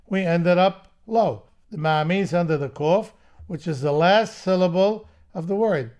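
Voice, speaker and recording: Slow, high-voiced male chanting teacher. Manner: patient, explains step by step, then chants verses slowly. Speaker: cantillation teacher. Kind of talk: slow spoken lesson with chanted examples.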